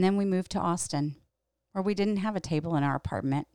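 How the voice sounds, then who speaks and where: Middle-aged woman host telling her own story, low gravelly voice, earnest and candid, dry close sound. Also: brisk, dark tone, no room sound. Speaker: podcast host and Bible teacher. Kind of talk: personal storytelling monologue.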